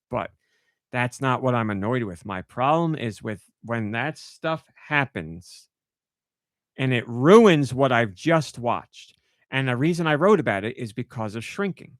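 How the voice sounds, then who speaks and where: A man's voice: mid-range voice, no room sound, studio quality. A man hosting a podcast, ranting about a pet peeve and acting out his own reactions in casual chat. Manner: animated storytelling, acts out his own outbursts. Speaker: podcast host.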